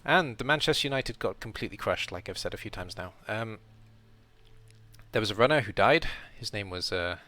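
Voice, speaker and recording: A man's voice: on the low side, expressive, brisk, pushed and bright. A man streaming a casual round-up of his game league as host, rambling and correcting himself as he thinks aloud.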